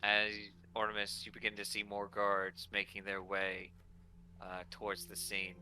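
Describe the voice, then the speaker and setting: Guy dm'ing a tabletop game, lots of "like" and "he's like", bright voice. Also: on the low side, monotone, unhurried, a little hiss or hum. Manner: loose, filler-heavy narration. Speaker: dungeon master.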